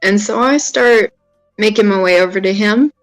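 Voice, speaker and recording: Man, tabletop player, smooth resonant voice, relaxed, faint music. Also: high-pitched, moderate pace, poor audio. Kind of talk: describing his character's actions.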